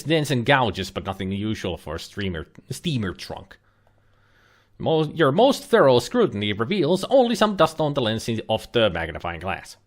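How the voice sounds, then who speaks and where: A man hosting a let's play, reading out game text and adding dry joking asides. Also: medium pitch.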